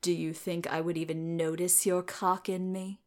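A woman's voice: lowish voice, flat delivery, moderate pace, natural voice. A fierce dwarf warrior with a sardonic edge, taunting and mocking his rival, as a woman reading a story voices him. Every line carries a smirk.

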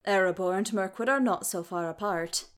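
A woman's voice: medium pitch, moderate pace, close to an everyday voice. A woman reading the part of a blunt, stubborn male dwarf who speaks directly. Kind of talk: audiobook character reading.

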